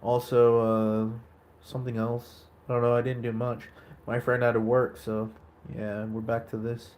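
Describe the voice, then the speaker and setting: A man's voice: medium pitch, monotone, normal speed, a little mellow. A man chatting casually on a live stream, rambling and swearing now and then.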